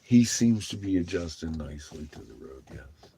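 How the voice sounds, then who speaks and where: A man's voice: low voice, animated, normal speed, warm tone, slight background noise, low-quality recording. A laid-back man vlogging from the road, who chats casually, swears freely and often laughs. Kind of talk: casual chat.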